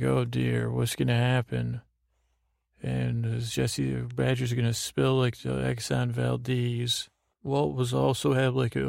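Gravelly-voiced man rambling at bedtime. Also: medium pitch, darkish tone, no echo, clean studio sound. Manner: meandering, halting, full of restarts. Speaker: podcast host.

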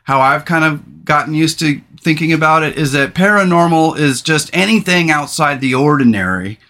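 A man's voice: on the high side, normal speed, pushed and bright. A man hosting a casual podcast from a small rural trailer, talking in an enthusiastic, rambling way. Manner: enthusiastic, rambling, emphatic announcer-like intro. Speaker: podcast host.

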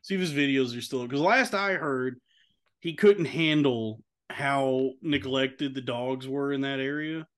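A man's voice: medium pitch, unhurried, a bit bright. A man co-hosting a casual podcast, telling a long rambling story and saying "dude" often. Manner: mimics voices when quoting others. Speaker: podcast co-host. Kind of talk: casual chat.

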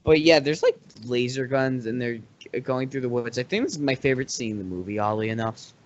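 A man's voice: medium pitch, a little fast. A man from New York chatting about a movie, dropping wry, profane asides while his co-host recaps. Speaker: podcast co-host. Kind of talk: casual movie recap chat. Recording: dull lo-fi recording.

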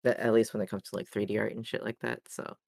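A woman's voice: extremely low pitch, flat delivery, fast talker, vocal fry, a little mellow, dry recording. A woman co-hosting a podcast in casual chat, rambling and searching for her words as she explains. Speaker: podcast co-host.

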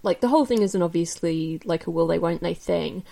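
A woman's voice: on the low side, fairly quick, vocal fry, dark tone. Chatty woman giving candid film reviews. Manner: chatty and candid, many fillers and restarts. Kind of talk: casual spoken film review.

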